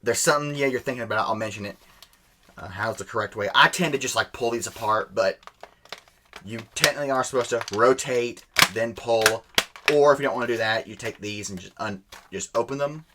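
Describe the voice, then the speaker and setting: A man giving a casual, unscripted toy demonstration, rambling and correcting himself as he goes, clearly enthusiastic. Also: medium pitch, fairly quick, bright, forceful tone, a little hiss or hum. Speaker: toy reviewer.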